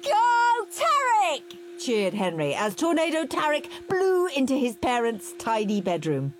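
A woman reading a children's story aloud in an expressive storytelling manner. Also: fairly high pitch, normal speed, slight background noise. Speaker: storybook reader.

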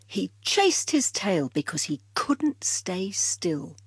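Slow, soft-spoken woman reading a storybook. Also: mid-range voice, big pitch swings, slightly rough, dry recording, clean studio sound. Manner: soft, drops to whispers on tags. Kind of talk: reading a children's storybook aloud.

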